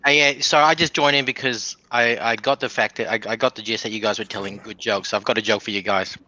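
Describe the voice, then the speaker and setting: A man's voice: fairly low pitch, fairly even intonation, fast talker, bright, forceful tone, dull audio. A man telling rambling dirty jokes as a caller on a show, restarting his sentences often. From Australia. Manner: rambling storyteller, many restarts. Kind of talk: casual joke telling on a call-in show.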